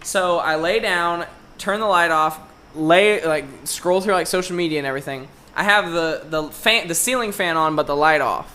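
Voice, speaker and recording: A young podcast co-host with a bright, sharp-edged voice tells a story as a casual rant. He swears constantly and sounds exasperated throughout. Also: on the high side, normal speed. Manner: profane, exasperated ranting. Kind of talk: casual chat, ranting story.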